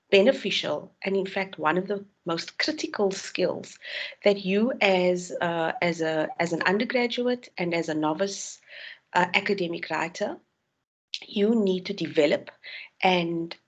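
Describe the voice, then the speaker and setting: A woman's voice: lowish voice, slightly rough, highs cut off. A woman from South Africa, a university tutor giving an online tutorial, explaining with frequent ums and restarts.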